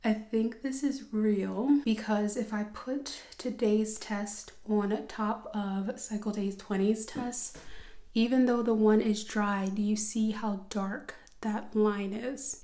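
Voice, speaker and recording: A young woman talking casually to her viewers, emotional and often slipping into a hushed whisper. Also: medium pitch, steady tone, slow. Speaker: vlogger. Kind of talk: casual vlog chat. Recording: echoey room.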